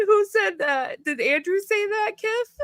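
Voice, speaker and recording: A woman hosting a live stream panel, chatting casually, giggly and excitable with lots of fillers. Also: very high voice, a little slow, dry recording, studio quality. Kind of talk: casual chat.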